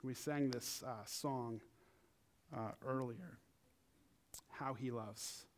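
A young man preaching in a casual, animated way, acting out quotes in funny high voices. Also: extremely slow, slight background noise. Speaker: pastor. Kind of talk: casual sermon.

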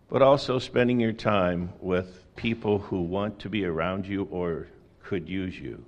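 Low gravelly-voiced male preacher. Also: measured pace. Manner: conversational preaching, folksy asides and rhetorical questions. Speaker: pastor. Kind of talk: sermon.

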